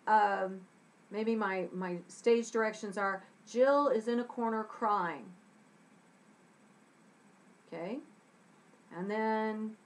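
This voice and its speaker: A woman's voice: medium pitch, rough recording. A woman teaching a scriptwriting lesson to young students. She acts out short example lines in different voices and checks in often with "okay?".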